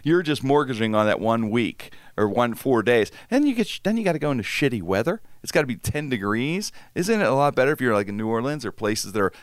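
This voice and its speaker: Animated american man telling stories. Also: medium pitch, fast, few pauses, no echo, clean studio sound. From Pittsburgh, USA. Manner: animated, swears freely. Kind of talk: casual chat, storytelling.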